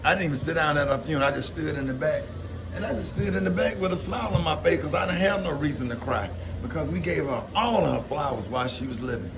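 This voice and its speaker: Man, radio host, casual storytelling, laughs a lot, higher voice, noisy background. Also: lively intonation, quick pace. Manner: laughs often, tells stories with quoted voices.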